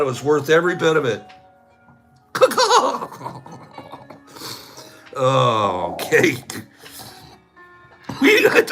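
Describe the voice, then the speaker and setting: An older man hosting a casual live-stream chat, telling stories and laughing often as he acts out the people in them. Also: fairly high pitch. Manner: chatty, laughs often, tells stories with animated quoting. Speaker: vlog host.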